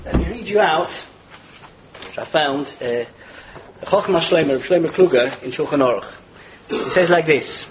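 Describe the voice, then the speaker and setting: A man teaching a Torah class in a lively lecture, chuckling as he explains and mixing Hebrew and Yiddish terms into his English. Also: fairly high pitch, unhurried, long pauses, background noise. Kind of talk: animated religious lecture.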